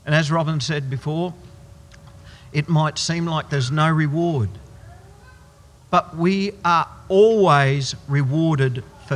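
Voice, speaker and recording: Animated male preacher in an echoey hall. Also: fairly high pitch. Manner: emphatic, slowing right down on key words. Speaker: pastor. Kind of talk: sermon.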